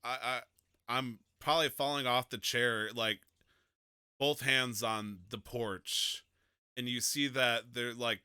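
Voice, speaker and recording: A man's voice: medium pitch, fairly even intonation, takes it slowly, bright, forceful tone, clean tone, dry recording, studio quality. A man playing a tabletop game, describing his character's actions in the first person. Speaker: player. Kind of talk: tabletop role-play.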